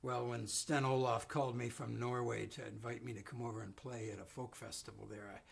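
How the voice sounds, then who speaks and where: Gravelly rambling folk musician, man. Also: mid-range voice, steady tone, a little fast. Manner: rambling, self-deprecating storytelling with many ums. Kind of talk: casual song introduction on live stream. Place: home studio. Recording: live music stream with guitar. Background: guitar.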